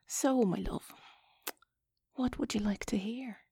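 An Irish woman does a whispered role-play in a soft, breathy voice, turning awkward and self-mocking as she keeps stopping to chat. Her voice is a little high and slow, and the recording is dry.

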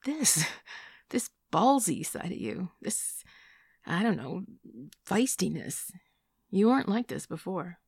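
A woman's voice: mid-range voice, very animated, slow, creaky, long pauses, a little mellow, slightly rough, dry recording, studio quality, heavily acted. Woman reading a blunt, evasive man. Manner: hesitant then frank, matter-of-fact.

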